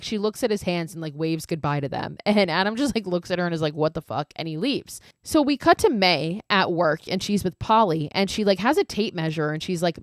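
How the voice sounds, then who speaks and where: A woman with a fairly low voice recaps a horror film in a loose, chatty way. She swears freely and laughs as she tells it. The sound is dry and close. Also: no room sound. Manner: animated, profane, laughing storyteller. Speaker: podcast host. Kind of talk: casual horror movie recap.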